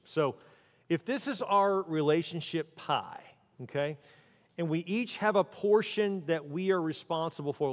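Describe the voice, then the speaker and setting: A man with a slightly higher voice preaches a casual, conversational sermon to his church. He often lowers his voice to a gentle hush when he plays out a spouse's words. The recording carries the long ring of a big hall. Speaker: pastor.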